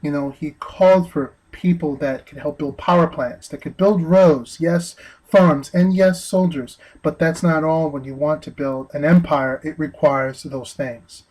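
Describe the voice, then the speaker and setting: A man giving an earnest opinion monologue, speaking haltingly with frequent restarts. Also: on the high side, steady tone, darkish tone, poor audio. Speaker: vlogger.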